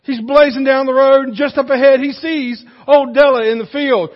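A high-pitched man delivers a sermon as a folksy, animated storyteller. His voice rings through a large hall with a long echo. The recording is dull and muffled. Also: normal speed. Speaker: pastor.

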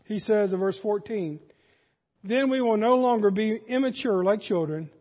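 A man's voice: high-pitched, normal speed. A man preaching a sermon in a folksy manner that rises to emphatic peaks, heard in a church sanctuary. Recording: dull, hall reverb.

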